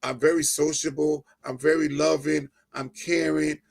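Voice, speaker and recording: A middle-aged man from New Jersey sharing an emotional personal testimony as an interview guest, animated, often laughing and raising his voice when excited. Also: on the high side, normal speed, creaky.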